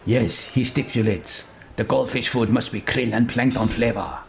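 A man plays a soft-spoken, matter-of-fact translator in a spoken comedy story, dropping his voice low and quiet. Lines come out measured and even, with a faint hiss in the background. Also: gravelly, lightly acted. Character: learned grown male sailor-translator, calm and matter-of-fact.

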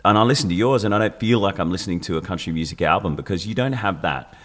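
A man with an Australian accent hosting a casual interview, jokey and animated, often slipping into funny voices for his stories. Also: sits low, very fast. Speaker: radio interviewer.

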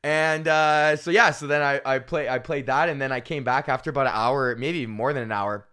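A man's voice: mid-range voice, a little fast, clean tone. A man hosting a podcast, telling a story in a loose, profane rant and laughing often. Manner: animated, laughs often, swears freely. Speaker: podcast host and comedian.

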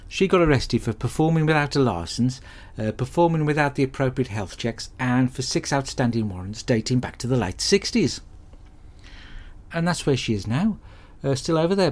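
A man's voice: medium pitch, close to an everyday voice. A man playing a sweary hapless bloke. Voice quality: deadpan, sweary, rambling storyteller. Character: hapless crude English bloke, rambling and put-upon. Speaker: comedy podcast character host. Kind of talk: scripted comic monologue.

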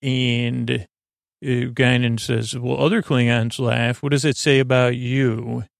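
A man hosting a podcast, giving a sleepy bedtime recap of a TV episode in a rambling, halting way with lots of fillers. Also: medium pitch, flat delivery, gravelly, no echo, clean studio sound. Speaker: podcast host.

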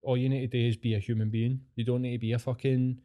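A man's voice: medium pitch, little pitch movement, quick pace, mellow. A man with a Scottish accent, hosting a podcast as a casual chat and telling rambling, sweary stories. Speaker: podcast host.

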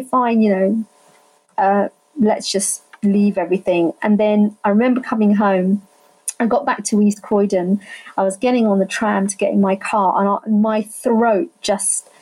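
Emphatic woman with a mellow, husky voice. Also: mid-range voice, poor audio. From England. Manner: animated, emphatic, voices others in her retelling. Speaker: family carer telling her story. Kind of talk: personal storytelling in conversation.

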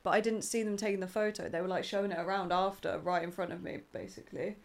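A woman's voice: fairly low pitch, steady tone, fast talker, vocal fry. A woman guesting on a casual podcast, giggling and giving short replies. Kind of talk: casual chat.

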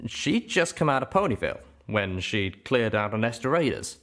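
A man voicing a boastful male pegasus pony gunslinger who talks in a folksy drawl, animated and emphatic. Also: mid-range voice, normal speed. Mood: defensive.

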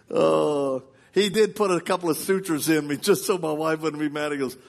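A man preaches a storytelling sermon at a live service in a fairly high voice with vocal fry, speaking at normal speed and hardly pausing. Laughing often, he animatedly performs the voices of the characters he describes.

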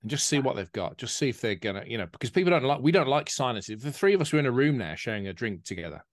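A man's voice: mid-range voice, racing, dry recording. Man, podcast co-host, casual anecdotes, dry sound. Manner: chatty, animated anecdotes with put-on voices. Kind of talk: casual chat and joke telling.

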